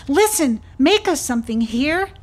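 A woman doing squealing excited little bugs. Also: high voice, measured pace, voice pushed up.

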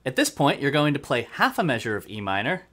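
A man gives a step-by-step accordion lesson in a lively, varied voice. He explains each idea methodically and counts beats aloud. Loud accordion music plays right alongside his talk. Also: mid-range voice, a little fast. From United States. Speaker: accordion teacher. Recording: accordion playing throughout.

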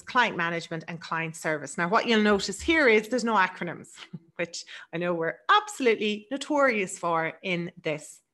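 Fast-talking Irish woman presenting. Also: lowish voice, bright, forceful tone. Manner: fast, chatty, laughs easily. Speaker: webinar presenter. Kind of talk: business webinar presentation.

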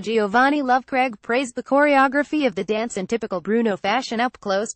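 A woman reading an online news article aloud in an even, uninflected way. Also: mid-range voice, no echo. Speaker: news reader.

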